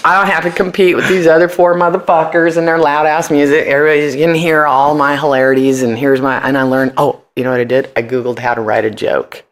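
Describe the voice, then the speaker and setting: A middle-aged man as a podcast guest, telling stories in a brash, profane, animated way. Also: fairly high pitch, fast, hardly any pauses. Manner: brash, profane, animated, jumps into voices for quotes. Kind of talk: casual interview storytelling.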